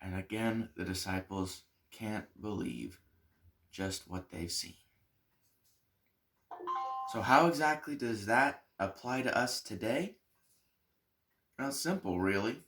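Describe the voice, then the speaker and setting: A male pastor leading a Sunday school storytelling lesson. He tells the story in an animated way and turns soft for emphasis. His voice is bright and unhurried. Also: fairly low pitch.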